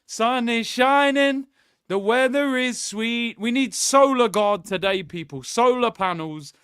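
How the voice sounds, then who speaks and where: A man's voice: extremely high pitch, measured pace, smooth, no room sound, studio quality. A man hosting a football watchalong, joking and ranting to his viewers in casual chat. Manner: joking, animated rant, keeps addressing viewers as "people". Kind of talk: casual fan commentary to a live chat.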